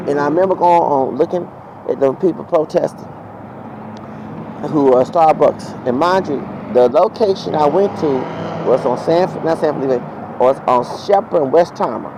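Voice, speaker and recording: A man's voice: on the high side, normal speed, creaky. A man telling a heated, profane, rambling story as a vlogger, outdoors near traffic. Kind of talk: ranting storytime monologue.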